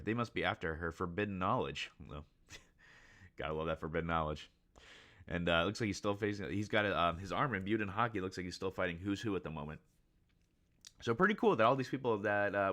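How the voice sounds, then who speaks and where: A man hosting a casual reaction to a comic chapter, rambling excitedly with many fillers and reading lines aloud. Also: low-pitched. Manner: reads character lines aloud with mild voice shifts. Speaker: channel host.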